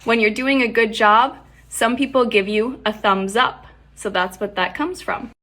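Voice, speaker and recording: Bright-voiced Southern woman teaching English. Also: fairly high pitch, unhurried. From Texas. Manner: clear, explanatory. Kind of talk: short English-tip reels.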